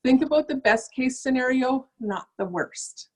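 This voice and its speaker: Middle-aged woman trainer, casual and upbeat, sick, jumps into playful higher voices for customers. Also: animated, measured pace, darkish tone. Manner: chatty, acts out customer voices with big pitch jumps. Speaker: sales trainer. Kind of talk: casual motivational talk.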